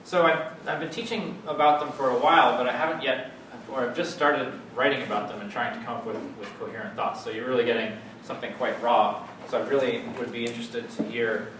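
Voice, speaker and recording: A man's voice: medium pitch, fairly even intonation, a bit bright. Man lecturing in an echoey hall. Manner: halting, many fillers and restarts. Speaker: guest lecturer. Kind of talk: academic lecture. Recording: echoey hall, distant mic, noisy.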